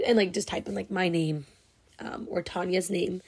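Her voice is lowish, husky and a little mellow, with fairly even intonation at a moderate pace. This young podcast host talks alone and emotionally, tearfully gushing thanks through happy tears with plenty of fillers and restarts.

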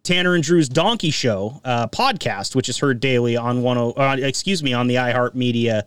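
Man host, casual rambling talk, smooth clear tone, sitting back from a dry mic. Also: medium pitch, normal speed, fairly bright tone, dry recording, recorded from a distance. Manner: rambling, self-deprecating. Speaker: podcast host. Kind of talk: casual chat. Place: Eugene, Oregon.

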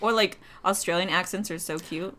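A young woman hosting a relaxed podcast chat, laughing often and filling pauses with "like". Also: lowish voice, a little hiss or hum. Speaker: podcast host. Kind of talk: casual chat.

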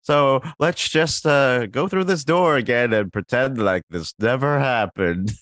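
A man putting on the voice of a frazzled male frog puppet who tries to keep everyone calm, speaking high and hurried. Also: no room sound, natural voice. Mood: nervous.

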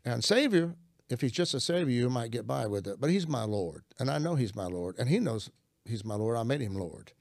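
A man's voice: mid-range voice, expressive, a little fast, creaky, darkish tone, dry recording, clean studio sound. An older man, a minister, earnestly telling a personal testimony in conversation and acting out his prayers. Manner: earnest storytelling, acts out prayers.

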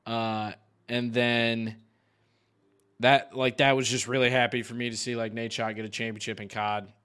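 A young man in casual podcast chat, an animated storyteller who swears often and laughs mid-sentence. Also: medium pitch, moderate pace, smooth. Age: young adult. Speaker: podcast host.

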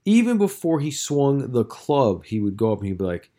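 Young man, solo podcast host, casual storytelling, swears constantly, rambling, mid-pitched voice. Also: sing-song, moderate pace, dark tone. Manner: profane, rambling, heavy filler words.

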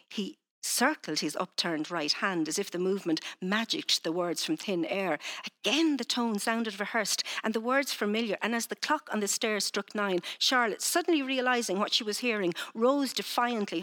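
A woman's voice: mid-range voice, normal speed, few pauses. A woman author chatting hesitantly on a panel, then reading narration from her novel. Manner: hesitant, many fillers in chat; steady when reading.

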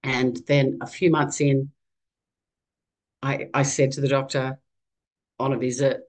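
An Australian woman in her fifties, a podcast guest telling her own story in a candid, animated conversational way. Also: very deep voice, a little slow, rough recording. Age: 50s.

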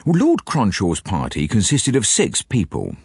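A man voicing a condescending, persuasive male police inspector who recounts things in a brisk, matter-of-fact way in an audiobook. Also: fairly low pitch, huge pitch swings, gravelly, a little mellow, slightly rough, no echo, clean studio sound, heavily acted. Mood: recounting. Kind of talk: audiobook character voice.

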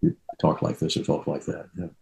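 A man's voice: a bass voice, level tone, fairly quick, vocal fry, a little mellow, poor audio. An older actor being interviewed, telling rambling anecdotes and trailing off as he reminisces.

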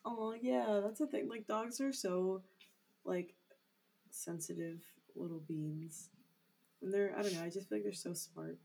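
A young woman co-hosts a casual podcast chat, rambling and leaning heavily on "like" as a filler. Her mid-range voice is dark with vocal fry and comes at a measured pace, with a bit of hiss or hum in the background.

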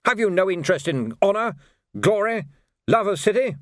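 Man putting on a pompous army major, indignant, flustered, lively raised pitch, dry studio. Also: normal speed, no echo.

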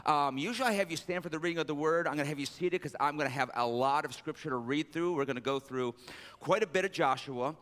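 Speaking at a quick pace in a slightly bright voice, a man preaches as pastor and jokes with his congregation between readings. His pitch rises whenever he reads scripture. The long reverb of a large church sanctuary surrounds him.

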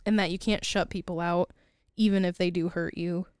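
A woman with a smooth, clear voice retells a film's story in casual chat, quoting the characters as she goes. The sound is close and dry. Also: lowish voice, fairly quick, dry recording. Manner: animated storyteller, laughs often, quotes characters. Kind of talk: casual movie recap chat.

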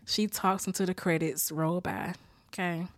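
Her fairly low voice at a moderate pace carries this casual podcast recap of a sitcom episode, full of swearing, laughter and animated storytelling. She sounds a bit worn down from a rough weekend, and there's no echo.

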